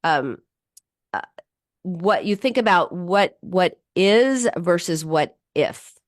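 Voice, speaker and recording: A woman hosting an advice radio show, answering listener questions in an animated, chatty way with fillers and restarts. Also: on the low side, slow pace, dry recording, clean studio sound. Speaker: radio show host and psychologist.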